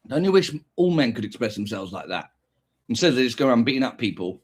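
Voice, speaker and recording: A man's voice: mid-range voice, expressive, quick pace, a little mellow, breathy edge. Man rambling and crooning on a livestream. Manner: sing-song humming and crooning between talk, swings into mocking rants. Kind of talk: rambling solo livestream chat.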